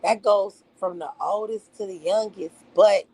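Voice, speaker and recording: A woman's voice: medium pitch, measured pace, darkish tone, slightly rough, low-quality recording. A middle-aged woman on a livestream, ranting with heat and profanity and repeating her phrases for emphasis. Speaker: livestream host. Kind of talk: emotional livestream rant.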